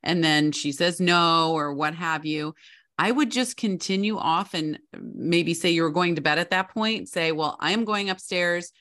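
Low-voiced woman giving parenting advice. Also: a little slow, fairly bright tone. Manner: confident, instructive, often adds "right?". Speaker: parenting guest expert. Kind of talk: podcast interview advice.

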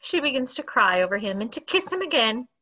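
A woman reading stage directions in a plain, even narration. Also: fairly high pitch, brisk. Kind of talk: scripted narration.

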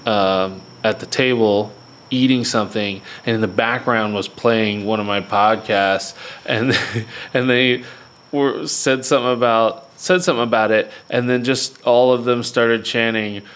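A man's voice: mid-range voice, fairly even intonation, unhurried, fairly bright tone. A man hosting a casual podcast, laughing often as he reads out lottery numbers between chat. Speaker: podcast host.

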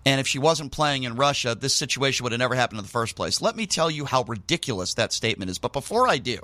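A middle-aged man hosting a sports talk show, telling stories in a casual, animated way with indignant outbursts. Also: medium pitch, dry recording. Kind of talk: casual sports radio monologue.

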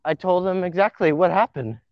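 Dude rambling on his podcast, kinda high voice, swears a lot, dry muffled sound. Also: brisk, no echo. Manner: excitable, swears freely, trails off mid-sentence. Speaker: podcast host. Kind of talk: casual podcast chat.

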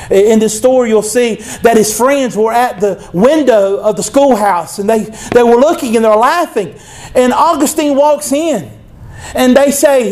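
A man's voice: very high-pitched, normal speed, darkish tone. A male preacher, delivering a conversational sermon and reading scripture aloud.

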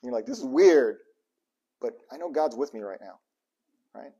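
A man's voice: medium pitch, expressive, normal speed, dark tone, husky, lo-fi sound. A man giving a casual, joking sermon as pastor, acting out the psalm writer's cries to God. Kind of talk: conversational sermon.

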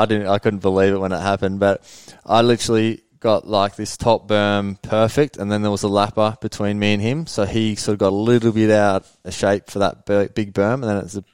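A young man telling motocross race stories in a relaxed, rambling way, laughing now and then as a podcast guest. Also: lowish voice, smooth, no echo. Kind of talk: casual interview storytelling.

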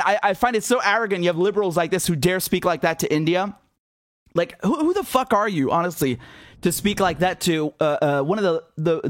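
Man, high voice, dry close sound, blunt mocking commentary. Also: no room sound. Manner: blunt, mocking, laughs often, swears. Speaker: political commentator. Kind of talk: casual opinion monologue.

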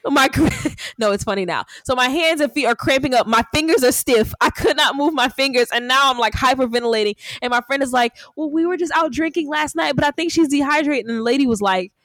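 A woman's voice: high-pitched, fast talker, few pauses, no echo. A woman podcast host telling a story in casual chat, acting out what people said, with lots of "like". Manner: animated storyteller acting out quotes, frequent "like".

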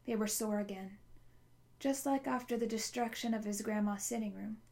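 A woman narrating a novel at a steady pace, with small slips now and then. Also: medium pitch, moderate pace, vocal fry. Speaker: audiobook narrator. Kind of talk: reading a novel aloud.

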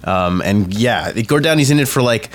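A man chatting on a podcast, eager and halting, restarting his sentences as he lists achievements. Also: fairly low pitch, lively intonation. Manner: enthusiastic, halting restarts while listing facts. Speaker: podcast co-host. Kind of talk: casual chat.

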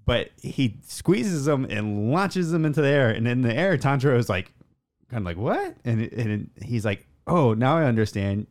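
A man's voice: mid-range voice, animated, moderate pace, darkish tone. A man casually recapping an anime episode on a podcast, rambling with many fillers and acting out the characters' lines. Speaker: podcast co-host.

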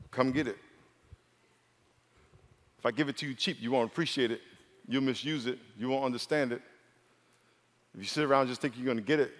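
A pastor from New York preaching a humorous sermon, acting out dialogue between stories. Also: male voice. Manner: storytelling, acts out dialogue with big pitch swings and laughs. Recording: long hall reverb.

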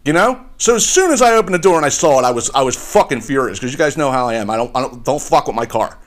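A man's voice: medium pitch, lively intonation, fast talker, hardly any pauses. A man hosting a podcast, telling a story as a heated, profane rant that repeats itself as he talks. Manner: heated, swearing, repeats himself. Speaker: podcast host. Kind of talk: profane ranting monologue.

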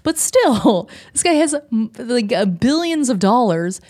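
A woman chatting on a laid-back film podcast. She talks with lively emphasis and drops the odd swear word. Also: fairly high pitch, measured pace. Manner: animated, swears freely, laughs often. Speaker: podcast co-host. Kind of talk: casual movie discussion podcast.

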